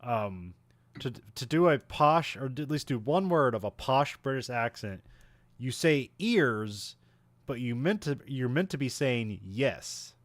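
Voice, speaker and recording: Lively man recapping a film. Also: medium pitch, a little slow, no room sound. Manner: animated, laughs often, trails off mid-sentence. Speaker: podcast co-host recapping a film. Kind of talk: casual chat.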